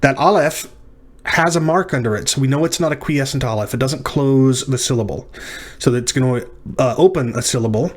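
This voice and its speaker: Man thinking aloud through a lesson. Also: mid-range voice. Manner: thinking aloud, pausing with ums and self-corrections. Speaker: teacher. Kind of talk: recorded lecture walking through exercises.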